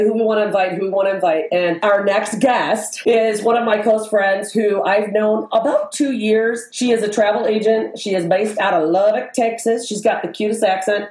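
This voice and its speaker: A woman hosts a casual conversation, bubbly and animated as she tells stories and laughs along the way. Her voice sits in the middle of the range for a woman. The recording has a roomy echo around it. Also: medium pitch. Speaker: podcast host. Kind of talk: casual chat.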